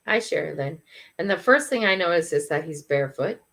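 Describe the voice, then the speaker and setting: An older woman hosting a morning livestream, telling a funny story in a chatty, animated way. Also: fairly low pitch, fairly quick, vocal fry. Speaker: livestream host.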